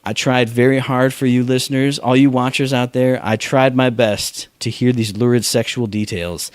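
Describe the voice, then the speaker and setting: A man co-hosting a casual podcast, joking and mocking people in squeaky put-on voices. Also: steady tone, normal speed, no room sound. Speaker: podcast co-host. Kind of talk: casual chat.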